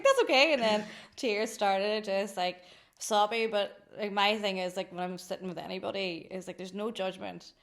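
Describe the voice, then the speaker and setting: An Irish woman in her thirties, a company founder chatting effusively as a podcast guest and laughing often. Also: medium pitch. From Ireland. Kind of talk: casual podcast interview.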